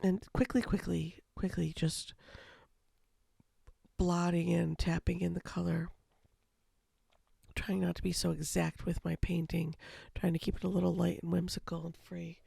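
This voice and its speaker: A woman with a slightly scratchy voice, speaking low and softly over a watercolor tutorial, rambling with lots of ums. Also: little pitch movement, a little slow, creaky, long pauses, slightly rough, no room sound, studio quality. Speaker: watercolor painting instructor. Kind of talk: casual voice-over for a painting tutorial. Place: home, with a baby asleep in another room.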